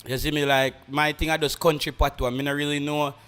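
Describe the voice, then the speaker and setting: A young man with a country Jamaican accent talks casually to his listeners. His voice sits fairly high, and he drifts between patois and English, restarting sentences as he goes. Faint music plays underneath. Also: flat delivery, a little fast, a bit bright, clean tone. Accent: Jamaican rural. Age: young adult. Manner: rambling, mixes patois and English, many restarts. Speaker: podcast host. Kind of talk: casual chat.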